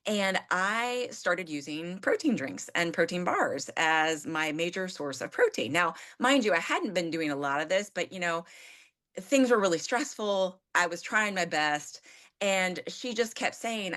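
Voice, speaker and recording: Lively storytelling woman with a low voice. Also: moderate pace. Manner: animated, self-deprecating, acts out her own quoted outbursts. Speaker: therapist and coach guest. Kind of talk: candid conversational storytelling.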